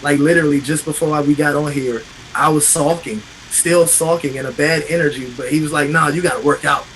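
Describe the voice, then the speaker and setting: Impassioned high-voiced man, profane and raw. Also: steady tone, brisk, slight background noise, low-quality recording. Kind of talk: emotional casual chat.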